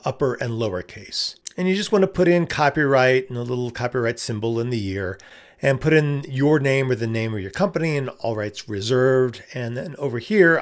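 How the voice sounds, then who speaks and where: Casual man walking through a design tutorial. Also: medium pitch. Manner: casual, conversational, thinking aloud with fillers. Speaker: business coach teaching ebook design. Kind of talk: screen-share tutorial walkthrough.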